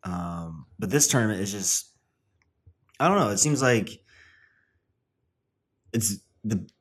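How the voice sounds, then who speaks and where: A man's voice: on the low side, lively intonation, takes it slowly, fairly bright tone, breathy edge. A young man in a casual chat, rambling with lots of fillers and the odd swear word.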